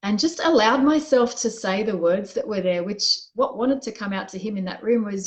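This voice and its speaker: A woman's voice: mid-range voice, brisk, hardly any pauses, rough recording. Candid woman telling a personal story. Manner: reflective, candid storytelling with frequent restarts. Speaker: guest. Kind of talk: conversational interview.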